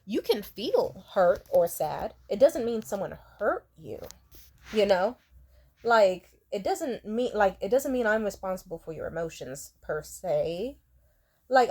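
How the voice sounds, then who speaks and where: A woman's voice: medium pitch, a little mellow. A young woman in her twenties telling a rambling, candid storytime vlog, swearing freely and slipping into quoted voices. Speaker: vlogger.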